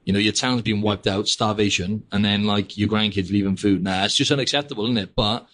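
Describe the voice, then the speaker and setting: Hosting his podcast from Australia, this young man speaks a little fast in a steady, lowish voice with a fairly bright tone. His talk is loose and rambling, peppered with "mate" and "like."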